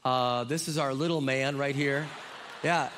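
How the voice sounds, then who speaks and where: With a steady, fairly bright mid-range voice and a measured pace, a middle-aged man from Minnesota preaches as a guest pastor, eager and playfully friendly toward the crowd. There's slight background noise. His sermon echoes with long reverb through a large church auditorium where the congregation can be heard.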